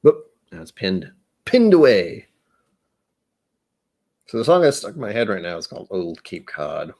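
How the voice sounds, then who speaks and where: A man's voice: low-pitched, big pitch swings, fairly quick, darkish tone. A man from the United States hosting a casual whiskey livestream, chatty, rambling and self-deprecating as he reads chat aloud. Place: indoors at home.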